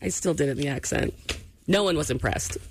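A man's voice: on the high side, brisk, slight background noise. A man hosting a talk show, bantering playfully and telling jokey stories. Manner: playful, joking storyteller. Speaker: radio show host.

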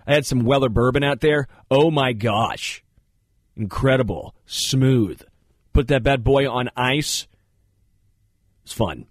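A man hosting a talk show, telling rambling, animated stories in casual studio banter. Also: medium pitch, no echo. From Kansas City area. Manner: rambling, animated storyteller who jumps into funny voices. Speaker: radio show host.

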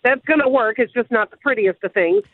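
A woman's voice: on the high side, brisk, dry recording. A woman calling in to a radio show to ask a practical question, speaking politely and earnestly over the telephone. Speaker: caller. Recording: tinny phone line.

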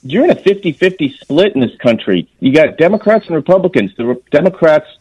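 A man's voice: a little high, sing-song, fast, darkish tone, slightly rough, dry recording, rough recording. A man speaking as a guest on a radio interview, earnest and emphatic, restarting phrases as he argues his point. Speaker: guest, former intelligence officer.

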